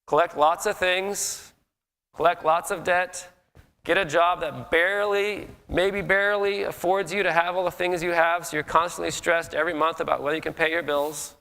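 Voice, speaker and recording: A man's voice: a little high, fairly even intonation, normal speed, vocal fry, sharp tone, clear, resonant tone. A middle-aged man from Colorado giving a conversational sermon, often acting out people's inner voices. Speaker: guest minister. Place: church sanctuary. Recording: long hall reverb.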